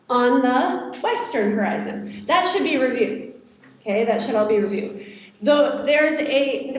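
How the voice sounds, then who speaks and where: A woman teaching a lively classroom lesson, asking the students questions and praising their answers. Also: high voice, unhurried. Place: school classroom. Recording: echoey classroom from far off, dull.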